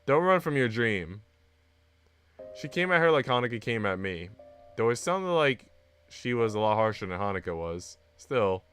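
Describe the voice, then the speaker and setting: A man streaming, reading a visual novel aloud in an animated way with asides. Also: lowish voice, normal speed, smooth. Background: faint game music.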